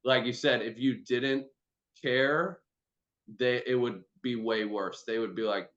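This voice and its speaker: A man's voice: medium pitch, slow pace, a bit bright, lo-fi sound. A man hosting a casual video-call chat as a performance trainer, talking loosely with lots of "like" and free swearing. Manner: loose, chatty, swears freely, many "like"s.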